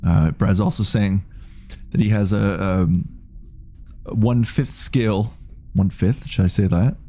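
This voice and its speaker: A man in his late thirties talking casually on a game stream, reading viewer messages aloud and rambling between them. His voice is low and gravelly, with a dark, mellow tone. He swears freely. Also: fairly even intonation, a little slow. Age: 30s. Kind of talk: casual live-stream chat.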